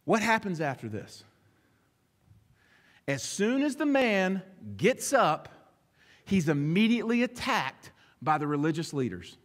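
A man preaching a sermon as pastor, animated, acting out short snatches of dialogue as he goes. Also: high-pitched, measured pace, long pauses. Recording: long reverb of a large hall.

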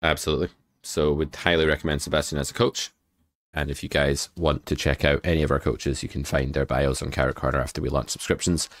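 Man, extremely deep voice, dry close sound, excitable, jokey, poker hand review host. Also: fast, no room sound. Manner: excitable, jokey, thinks out loud. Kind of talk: casual poker hand analysis.

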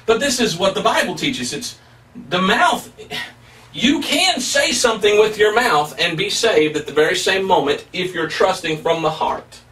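A man's voice: sits high, lively intonation, normal speed, a bit bright, distant mic. A male pastor preaching a sermon, emphatic and plain-spoken, asking rhetorical questions as he teaches.

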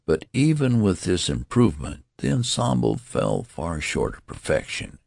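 A man reading an audiobook aloud in a slow, measured way, giving the dialogue lively voices. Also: deep voice, gravelly, dry recording, clean studio sound. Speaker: audiobook narrator. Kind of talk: scripted audiobook narration.

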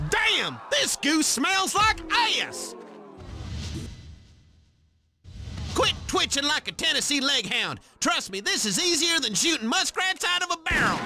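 An actor playing a loud, crude, hot-tempered hillbilly golfer in a video game, hollering in a twangy rural drawl. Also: male voice, extremely high pitch, full character voice. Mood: grumbling. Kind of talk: video game character lines.

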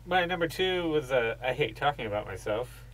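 A man's voice: medium pitch, animated, brisk, fairly bright tone, a little hiss or hum, rough recording. A man co-hosting a podcast in casual chat, rambling through stories, swearing freely and laughing as he talks. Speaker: podcast co-host.

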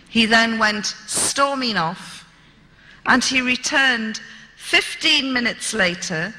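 This British woman in her fifties tells a story in a lecture, speaking slowly and deliberately with a very bright tone. The hall has a long reverb, and she's animated, raising her pitch to act out dialogue.

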